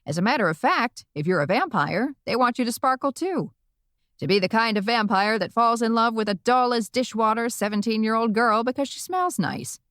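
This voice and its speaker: An older woman character, a brash witch grandmother doing stand-up, is voiced by a woman with a brassy, bawdy delivery. Her voice is a little high and fairly bright at a moderate pace, pitched above her own but close to an everyday voice, recorded cleanly in a studio with no room sound.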